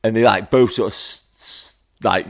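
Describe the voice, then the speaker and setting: Low-voiced man, animated storyteller. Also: normal speed, gravelly. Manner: animated storyteller, emphatic repetition. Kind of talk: casual chat, storytelling.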